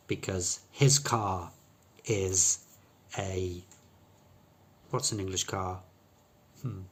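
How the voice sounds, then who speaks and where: In this pronunciation lesson, a low-voiced man speaks extremely slowly with fairly even intonation and frequent pauses. He teaches English sounds patiently, with fillers and restarts, demonstrating them through contrasts.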